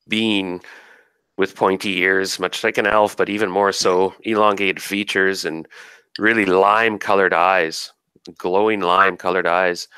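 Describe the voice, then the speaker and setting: A man with a lowish, bright and forceful voice runs a tabletop game as game master. He describes the scenes in detail at an unhurried pace, with fillers, and the sound is dry and close. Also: smooth, no echo.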